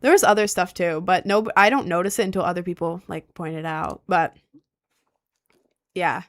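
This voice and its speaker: A woman's voice: fairly low pitch, moderate pace. A young woman from rural Maryland with a faint Southern lilt, chatting casually on a stream and answering questions from chat as they come in. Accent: slight Southern lilt on some words. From rural Maryland, United States. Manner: rambling, chatty, with frequent fillers and laughs.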